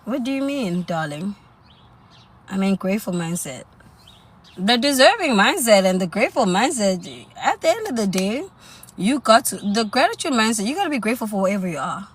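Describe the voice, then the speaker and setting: A woman's voice: medium pitch, sing-song, normal speed, a little hiss or hum. Woman livestream host, casual coaching talk, sassy and chatty, quips at commenters. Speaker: self-improvement livestream host.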